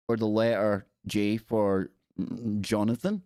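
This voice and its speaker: A man's voice: lowish voice, lively intonation, unhurried, mellow, smooth, no echo, studio quality. A man hosting a casual live stream, reading an article aloud and chatting with viewers. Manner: chatty, reads aloud and talks to chat viewers.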